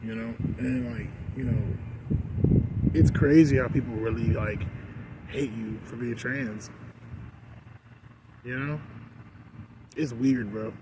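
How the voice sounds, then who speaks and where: A man's voice: medium pitch, creaky, noisy background. A man venting in a casual vlog rant, rambling with many fillers, recorded outdoors in a park. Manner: rambling, frequent "like" and "you know". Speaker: vlogger. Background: outdoor ambience and passing vehicles.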